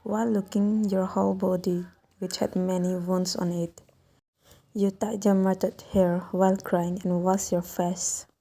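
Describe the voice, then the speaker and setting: A woman narrates a sad story in the second person, her voice very dark and mellow with a steady gravelly fry. She reads on a flat, even line, slow and soft, now and then falling into a whisper. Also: mid-range voice. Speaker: fan fiction narrator.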